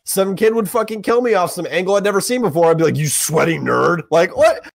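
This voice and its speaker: A young man holds forth on a podcast, his voice sitting a touch high and climbing further as he gets heated. He swears freely and hammers his points with blunt emphasis. The sound is close and dry, with no room around it. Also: fast talker, dry recording. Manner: profane, emphatic, rising in pitch when heated. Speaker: podcast co-host. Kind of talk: heated casual rant.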